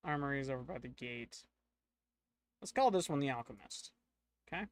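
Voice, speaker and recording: A man's voice: medium pitch, animated, moderate pace. A man narrating a solo tabletop game, thinking aloud with hesitations and filler words.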